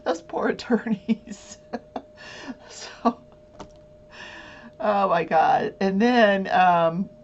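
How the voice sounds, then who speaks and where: A woman's voice: medium pitch, lively intonation, very slow, creaky, pauses often. Chatty giggling woman host. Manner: rambling storyteller who laughs often, many fillers. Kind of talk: casual chat. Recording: dull lo-fi with faint hum.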